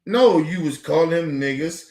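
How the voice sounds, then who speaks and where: A man's voice: on the high side, normal speed, roomy sound. A man giving heated, profane commentary as a streaming host, repeating points with rising exasperation. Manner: profane, animated, repetitive.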